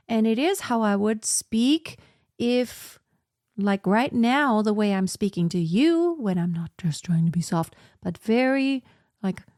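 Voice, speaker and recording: A woman teaching a singing lesson, who explains calmly and then demonstrates scales on single syllables. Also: medium pitch, no echo, studio quality. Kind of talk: vocal lesson with sung demonstrations.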